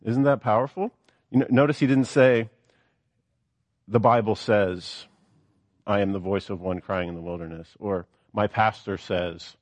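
A man's voice: lowish voice, fairly even intonation, unhurried, no echo. A man preaching a sermon, reading scripture aloud and then explaining it with earnest, rising emphasis.

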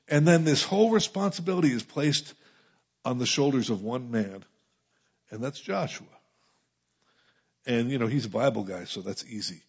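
A middle-aged man preaching a conversational sermon, building to emphatic peaks and dropping into quiet asides. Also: mid-range voice, normal speed, long pauses, slightly rough. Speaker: pastor. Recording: muffled lo-fi sound.

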